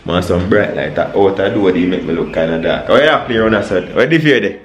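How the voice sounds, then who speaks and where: A man's voice: sits low, lively intonation, a little fast. A man with a Jamaican accent, a vlogger chatting casually and joking about his own pronunciation. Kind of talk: casual chat. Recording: echoey room, far from the mic, crowd behind.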